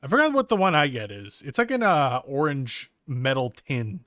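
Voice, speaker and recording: With big pitch swings, a bright, forceful tone, and a moderate pace, a medium-voiced young streamer rambles playfully while he draws. Running on coffee despite being tired, he's recorded studio-quality with no room sound.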